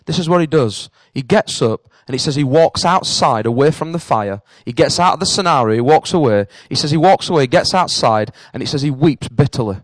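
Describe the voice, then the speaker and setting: A male preacher with a fairly high voice delivering an earnest sermon that builds into fervent passion. The sound is dry and close, with no room echo.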